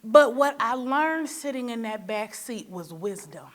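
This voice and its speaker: Woman from Michigan, forum moderator: preacher-like motivational delivery, playful storytelling, slightly high pitch. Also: measured pace, background noise. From Michigan, USA. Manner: preacher-like, rhetorical questions to the audience; lively storytelling with playful asides. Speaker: panel moderator.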